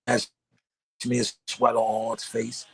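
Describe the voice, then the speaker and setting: A man's voice: mid-range voice, completely flat delivery, slow, creaky, fairly bright tone, soft background music. A middle-aged man from Harlem, a guest rapper telling a laid-back, profane story. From Harlem, New York. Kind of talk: casual storytelling.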